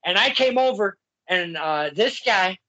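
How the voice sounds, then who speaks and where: Man, podcast host, casual interview, animated storyteller, lo-fi recording. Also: sits high, measured pace. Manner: animated storyteller, acts out quotes, laughs often. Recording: dull lo-fi sound.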